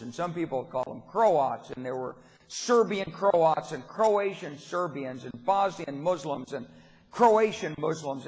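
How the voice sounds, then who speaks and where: An older man giving a keynote speech at a political dinner, telling stories with emphasis and folksy humor. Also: fairly high pitch. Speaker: keynote speaker. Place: banquet hall at a dinner event. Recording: long reverb of a large hall.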